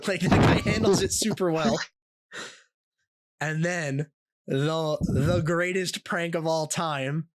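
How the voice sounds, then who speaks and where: A young man co-hosting a podcast, telling stories in a casual, animated way with plenty of swearing and laughter. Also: on the high side, dry recording. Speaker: podcast co-host.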